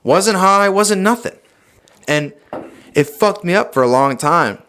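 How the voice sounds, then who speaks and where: A young adult man, a podcast guest, telling a personal story in a casual, animated way, swearing often and saying "dude" a lot. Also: sits high, unhurried.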